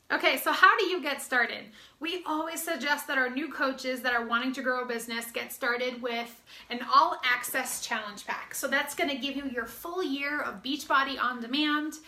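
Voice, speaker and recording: A woman's voice: sits high, moderate pace, hardly any pauses, bright, forceful tone, roomy sound. An American woman coach giving an upbeat, chatty promotional talk, slightly out of breath, with fillers and restarts. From United States. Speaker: fitness business coach.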